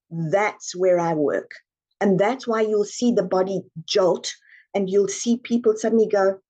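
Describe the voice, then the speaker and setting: Emphatic woman coach, warm dull-toned voice. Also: mid-range voice, normal speed. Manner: earnest, emphatic, acts out clients' inner voices. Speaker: executive coach. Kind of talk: podcast interview.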